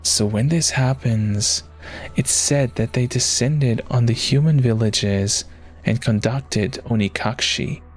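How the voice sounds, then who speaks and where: A calm woman unfolds a dark village legend in slow, measured words, as a man reads her lines. The voice sits at an ordinary middle pitch. Soft music plays faintly behind her. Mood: ominous. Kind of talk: reading a visual novel aloud.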